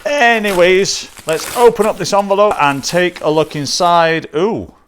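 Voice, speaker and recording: Upbeat chatty man, slightly high voice. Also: unhurried, fairly bright tone, slight background noise. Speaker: host of a watch channel. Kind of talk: casual unboxing vlog.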